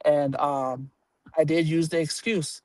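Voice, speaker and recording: A man telling a personal story to a live audience, animated and blunt, swearing casually and acting out the voices of the people in it. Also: on the high side, slow, no echo. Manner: animated, acts out quoted voices, laughs while telling.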